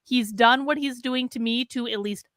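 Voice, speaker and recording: A woman's voice: fairly high pitch, steady tone, moderate pace, a bit bright, no echo. A woman hosting a casual reaction chat, speaking bluntly with profane asides. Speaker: host.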